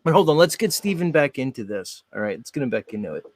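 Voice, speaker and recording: A man's voice: medium pitch, very animated, fast talker. A man hosting a podcast debate, blunt and combative, swearing freely as he argues. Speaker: show host.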